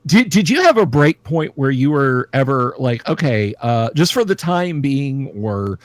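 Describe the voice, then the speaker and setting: A man's voice: medium pitch, sing-song, unhurried, no room sound. Rambling, jokey male livestream host. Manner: rambling, jokey, many fillers and restarts. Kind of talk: casual livestream chat.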